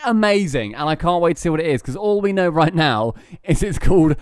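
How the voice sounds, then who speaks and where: A man's voice: fairly high pitch, expressive, brisk. A man co-hosting a podcast, chatting with enthusiasm. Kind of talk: casual podcast chat.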